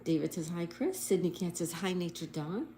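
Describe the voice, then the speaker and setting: This livestream host is a woman whose voice is warm, expressive, and on the low side, moving at a moderate pace. In her casual stream she cheerfully spells out words letter by letter and reads viewers' comments aloud over slight background noise.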